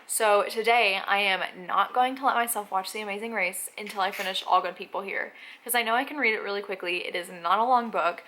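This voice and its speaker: A woman's voice: mid-range voice, brisk, few pauses, sharp tone, slight background noise. A young woman chatting casually to camera in a reading vlog, talking through her books with frequent "like" and "um". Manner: chatty, many "like" and "um" fillers. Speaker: book vlogger.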